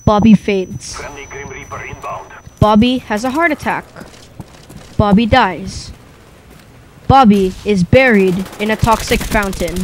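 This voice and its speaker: Slow, rambling young male storyteller. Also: high-pitched, slight background noise, low-quality recording. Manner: rambling, deadpan, with long pauses. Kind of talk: improvised comic story over gameplay.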